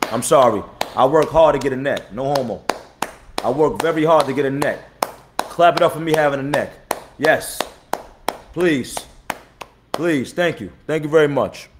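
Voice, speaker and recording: A man in his thirties, a battle rapper hosting his own live stream. He talks blunt and profane, repeats himself and gives shout-outs to viewers, and says he is tired. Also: mid-range voice, moderate pace, long pauses, noisy background. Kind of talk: casual live-stream talk.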